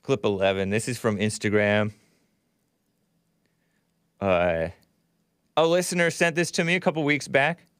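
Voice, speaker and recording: A man's voice: fairly low pitch, unhurried, long pauses, fairly bright tone, clean tone, no room sound, clean studio sound. A man hosting a call-in talk show, chatting casually, laughing often and reading out listener comments. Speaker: radio call-in show host.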